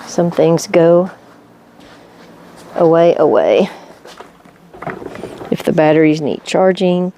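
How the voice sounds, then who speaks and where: A middle-aged woman chatting casually in her home woodworking shop, relaxed and rambling as she thinks aloud. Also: on the low side, takes it slowly, long pauses, a little hiss or hum. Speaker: woodworking vlogger. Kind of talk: casual how-to chat.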